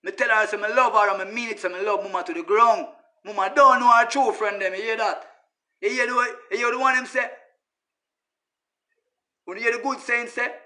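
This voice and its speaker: Bright, high-voiced Jamaican man ranting. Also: brisk, long pauses. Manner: emphatic, repetitive, addresses listeners as brother. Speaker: social media personality. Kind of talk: casual ranting monologue.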